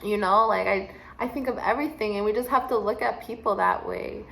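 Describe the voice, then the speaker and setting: A woman's voice: mid-range voice, fairly quick, gravelly, fairly bright tone, poor audio. A young adult woman mentoring children, hosting a casual personal monologue, speaking candidly and animatedly with casual swearing. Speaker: podcast host and youth mentor.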